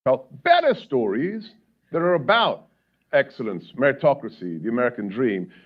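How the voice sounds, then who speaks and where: A man's voice: medium pitch, sing-song, normal speed. A man making an emphatic point in an interview, played as a clip. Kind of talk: interview talk. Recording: dull lo-fi clip.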